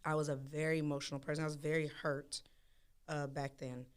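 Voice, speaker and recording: A woman's voice: low-pitched, a little fast, clean tone. A woman, co-hosting a podcast in casual chat, telling stories candidly with slang. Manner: candid, animated storytelling with slang. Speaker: podcast co-host.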